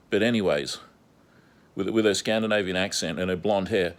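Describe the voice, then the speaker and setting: A man's voice: lowish voice, lively intonation, moderate pace. A man delivering a repetitive, insistent monologue as an online commentator. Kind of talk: ranting monologue vlog.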